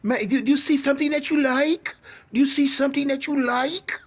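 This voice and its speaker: A man's voice: very high voice, fairly even intonation, brisk, pitched above the performer's own voice. A man voicing an older woman shopkeeper who keeps politely and fussily asking if he wants help.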